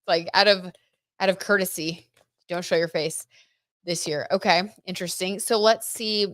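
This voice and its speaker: Giggly low-voiced woman tarot host. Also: fairly even intonation, normal speed, fairly bright tone, no room sound, clean studio sound. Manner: chatty and giggly, talks to her viewers. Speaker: tarot reader and livestream host. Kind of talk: casual gossip livestream, tarot reading.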